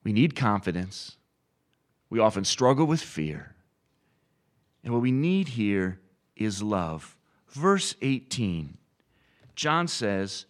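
A middle-aged man preaching a sermon, animated and storytelling, acting out quoted inner voices. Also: on the low side, slow, pauses often. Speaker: pastor.

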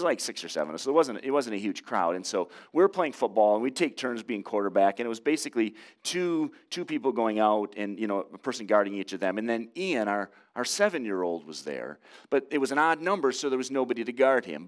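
A man in his forties preaching a sermon, mixing earnest teaching with conversational family stories and prayer. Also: fairly low pitch. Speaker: pastor.

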